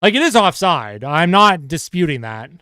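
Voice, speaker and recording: A man's voice: fairly high pitch, sing-song, normal speed, bright, forceful tone, clean tone, no room sound, clean studio sound. A man streaming live fan reaction and play-by-play commentary, swearing and ranting about calls. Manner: exasperated, swearing, rants at calls.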